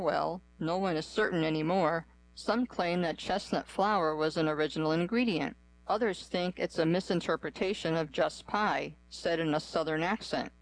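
A magazine article read aloud on a reading-service radio programme, steady and unhurried, with a small pause after each heading. The voice sits mid-range and sounds close to the mic in a dead, dry booth. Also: medium pitch, dry recording, poor audio. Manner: even, measured reading with pauses between list items.

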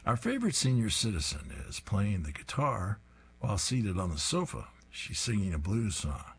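A man's voice: on the low side, big pitch swings, moderate pace. A man reading comic strips aloud, describing each panel with an amused tone. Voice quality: husky.

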